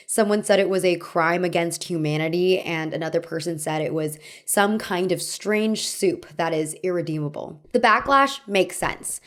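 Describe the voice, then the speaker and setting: A young woman hosting a video essay, narrating from a script in a conversational, wry way with light humor. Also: fairly low pitch.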